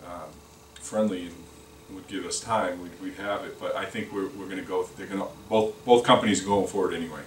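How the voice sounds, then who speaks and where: A sales rep with a deep voice delivers a product training talk at a lunch-and-learn in a meeting room, speaking a little fast in a steady tone with few pauses. He rambles, often repeating words and restarting sentences. The recording is echoey and distant, with faint noise.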